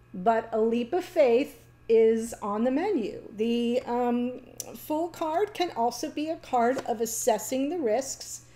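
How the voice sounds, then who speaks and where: A woman giving a casual, chatty tarot reading, talking warmly to the viewer with fillers and small laughs. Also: fairly high pitch. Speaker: tarot reader.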